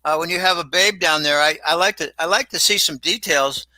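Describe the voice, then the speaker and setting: High-voiced bright older man rambling. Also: brisk, no room sound, poor audio. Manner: rambling storyteller, repeats words. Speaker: regular guest commentator. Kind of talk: casual chat on a livestream.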